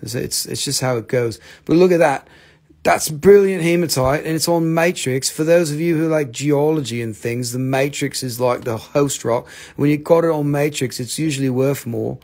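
A man's voice: on the high side, moderate pace, a little mellow. A man from North Carolina hosting a live crystal sale, joking and rambling as he shows each piece. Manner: jokey, rambling, self-mocking. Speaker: host of a live crystal sales stream. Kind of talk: casual live sales chat.

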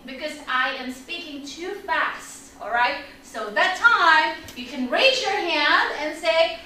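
High, animated woman teaching English. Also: slow pace, few pauses, a little hiss or hum. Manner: energetic, upbeat, repeats drills for students. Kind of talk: online English lesson for kids. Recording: echoey room, mic at a distance.

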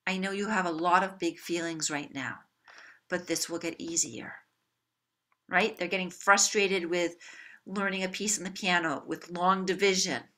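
A woman giving an animated workshop talk to a room of parents, coaching them with acted-out examples. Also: on the low side, moderate pace. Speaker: parenting educator. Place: room with an audience.

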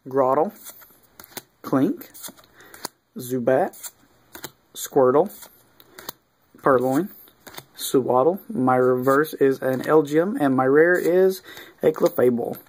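A man giving casual unboxing commentary, reading off cards one by one with easygoing, mildly excited asides and fillers. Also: mid-range voice, slow pace, long pauses. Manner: easygoing, reads off cards one after another. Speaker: video creator opening card packs.

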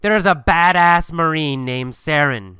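Bright clear-voiced guy teaching english, asks and answers himself, dry close mic. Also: fairly high pitch, unhurried, no echo. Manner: animated, repetitive, emphatic questioning. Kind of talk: storytelling English lesson with question drills.

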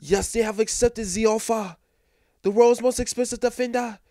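A man's voice: extremely high pitch, steady tone, normal speed, dark tone, dry recording, clean studio sound. A man putting on a poor fake French accent as a pompous club official making formal announcements.

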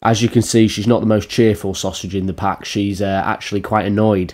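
A man's voice: lowish voice, flat delivery, a little fast, hardly any pauses, a little mellow. A man giving crude, sarcastic reaction commentary on a video. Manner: sarcastic, crude, slips into mocking put-on voices.

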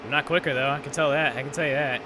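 This man's fairly high voice races along with fairly even intonation as he hosts a gaming channel. Playing a racing game live, he unleashes a frustrated, profane rant over the game's engine sounds.

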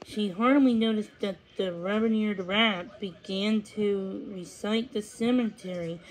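A woman narrating a storybook read-aloud in a measured, expressive way. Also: mid-range voice, low-quality recording. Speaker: reader.

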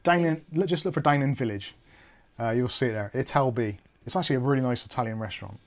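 A man hosts a live tech stream, his voice sitting at an ordinary middle pitch. He rambles and jokes, corrects himself, and strays off topic before steering back. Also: quick pace. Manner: rambling, jokey, self-correcting.

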